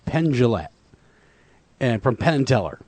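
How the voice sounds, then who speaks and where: Man hosting with a lively voice. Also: medium pitch, normal speed, breathy edge, no room sound. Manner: listening, with frequent affirmations. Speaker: host. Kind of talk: casual interview.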